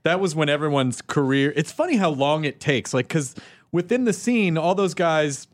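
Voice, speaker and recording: A man's voice: fairly high pitch, moderate pace, no room sound. A man hosting a podcast, chatting casually with a guest, laughing and swearing as he talks. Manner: laughs often, lively swearing banter. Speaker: podcast host. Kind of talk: casual chat.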